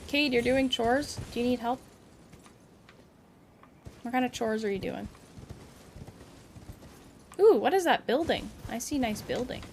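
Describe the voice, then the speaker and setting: A woman's voice: fairly high pitch, expressive, slow pace, long pauses, a little hiss or hum. A young woman chatting casually with viewers while streaming a game, giggly and reactive. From Canada. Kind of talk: casual live-stream chat while gaming.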